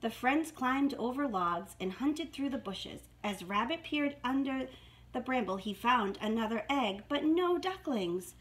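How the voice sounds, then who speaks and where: A woman's voice: a little high, lively intonation, measured pace, fairly bright tone, slight background noise. A woman reading a storybook aloud to young children in a sing-song manner.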